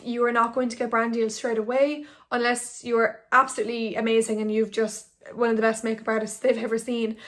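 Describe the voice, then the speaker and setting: A young woman, an Instagram blogger giving tips in a chatty, rambling vlog to a phone camera. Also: fairly high pitch. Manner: chatty, rambling, filler-heavy. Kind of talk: casual talking-head vlog. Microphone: phone on ring light.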